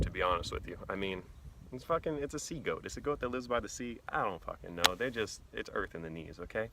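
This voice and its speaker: A man explaining things casually in a blunt, animated and profane way. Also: on the low side, normal speed, pauses often, heavy background noise. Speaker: vlogger.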